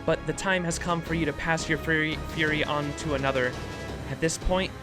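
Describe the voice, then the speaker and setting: A man voicing a sly, scheming woman, reading her game lines in a taunting, smooth way. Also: a little high, steady tone, fairly quick, lightly acted. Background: background music.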